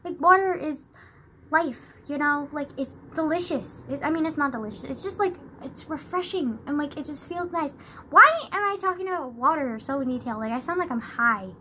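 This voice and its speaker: A woman's voice: high voice, a little fast, bright, forceful tone, a little hiss or hum. A young woman vlogging from her bedroom into a phone camera, chatting in a loose, rambling way, filling nearly every phrase with "like" and laughing often. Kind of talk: casual rambling chat to camera.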